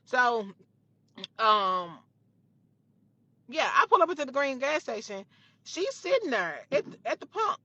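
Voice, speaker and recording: A young woman recounts a story from her own life in a bright, forceful voice. She talks emphatically, swears freely and circles back over the same phrases. The recording is dry and a little dull. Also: high voice, big pitch swings, unhurried, pauses often, dry recording. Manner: emphatic, profane, repeats phrases. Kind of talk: storytime retelling.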